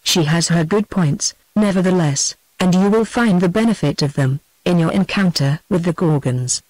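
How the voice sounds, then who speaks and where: A woman's voice: lowish voice, moderate pace, dry recording, natural voice, rough recording. Synthetic British woman reading a sly trickster youth. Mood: chatty. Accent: British English. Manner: flat synthetic delivery of dialogue. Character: sly roguish young male trickster guide. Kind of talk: text-to-speech audiobook narration.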